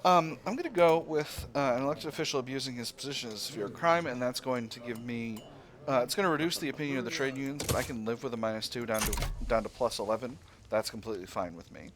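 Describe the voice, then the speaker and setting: A man's voice: mid-range voice, fairly bright tone. A man casually commentating his own strategy gameplay, thinking aloud with fillers and playful asides to himself. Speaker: strategy game let's player.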